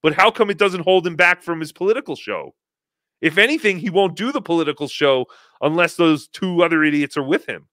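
A man's voice: on the high side, lively intonation, fairly quick, a bit bright, dry recording, studio quality. A man hosting a casual online show, joking, laughing a lot and slipping into mocking voices. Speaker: host. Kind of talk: casual chat.

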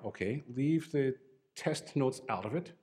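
A man's voice: mid-range voice, animated, unhurried, a little mellow, soft background music. Guy coaching trombone, wry and encouraging, some brass playing in the back. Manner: encouraging, wry, repeats short cues. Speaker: trombone teacher. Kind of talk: masterclass coaching.

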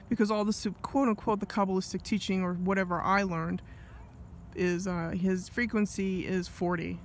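An angry man delivers a rambling solo vlog monologue in a high voice. He keeps breaking off into asides and restarting his sentences. A faint hiss of noise sits under him. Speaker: vlogger.

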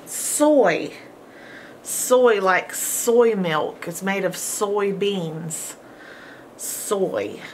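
A woman teaches a homeschool phonics lesson at an extremely slow pace, stretching and repeating each sound. She praises the listener warmly between words. A faint background hiss runs under her voice. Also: medium pitch.

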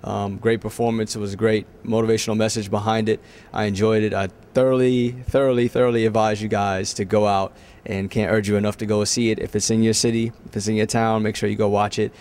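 Quick, emphatic low-voiced man. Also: little pitch movement, a little mellow. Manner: emphatic, repetitive praise. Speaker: audience member. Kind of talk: enthusiastic testimonial.

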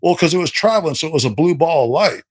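A man putting on a gentle old elder, higher voice, plain matter-of-fact speech. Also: lively intonation, racing, husky, no echo. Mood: amused. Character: old tribal man, calm, at ease with animals.

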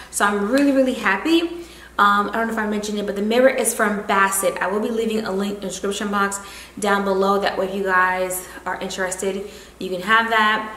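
A woman chatting casually on her home decor vlog, giddy and drawn-out in her emphasis. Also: medium pitch, fairly bright tone, echoey room. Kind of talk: casual chat. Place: home living room, indoors.

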